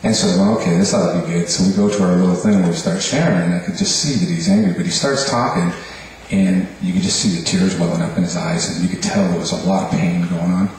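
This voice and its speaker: Speaking fast with few pauses, a man who leads church worship introduces the next speaker to the congregation in a low, steady, slightly mellow voice. He rambles and hesitates, leaning on fillers, and the clip sounds distant and echoey with a faint hum.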